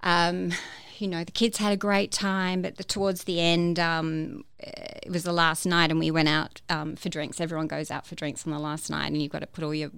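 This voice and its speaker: A woman's voice: sits low, flat delivery, moderate pace, gravelly, hardly any pauses, fairly bright tone, clean tone, no room sound. A woman telling her personal story as a guest, hesitant, with many fillers and restarts. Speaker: podcast guest.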